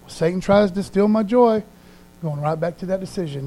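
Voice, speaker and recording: A pastor delivering a sermon in a relaxed, conversational tone. His voice sits noticeably high for a man. He speaks earnestly and keeps asking his listeners to agree. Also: a little fast, low-quality recording. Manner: informal and earnest, asks the congregation for agreement.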